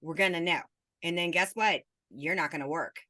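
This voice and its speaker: Woman host, lowish but bright, tense tone, frank and direct, swears casually; dry sound. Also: brisk, dry recording. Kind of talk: casual interview chat.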